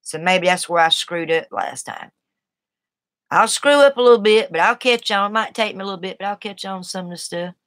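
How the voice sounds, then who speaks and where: A woman's voice: medium pitch, a little fast, fairly bright tone, no room sound. Chatty Southern woman live-streaming. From Southern United States. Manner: rambling, folksy, reacts to chat. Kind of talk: casual live-stream chat.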